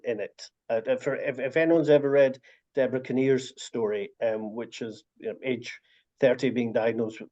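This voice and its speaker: A man telling stories in a casual video call chat, with many restarts. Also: medium pitch. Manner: warm storytelling, frequent restarts. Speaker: author and story collector. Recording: dull lo-fi video call audio.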